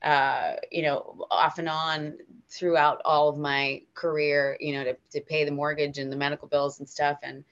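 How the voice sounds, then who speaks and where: An American woman with a low, bright, forceful voice tells stories as a guest in a casual interview. She talks in an animated, emotional way, often restarting her sentences. The recording is a bit dull and lo-fi. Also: normal speed. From United States. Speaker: guest actor.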